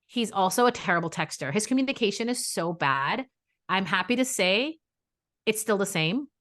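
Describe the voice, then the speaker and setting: Animated New woman telling stories. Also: mid-range voice, normal speed. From New York area. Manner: animated storyteller, acts out quotes. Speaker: podcast co-host. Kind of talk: casual chat.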